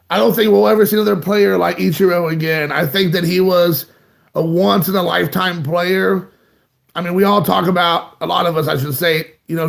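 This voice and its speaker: A man's voice: sits high, vocal fry. A man hosting a live stream, chatting casually and rambling while greeting viewers by name.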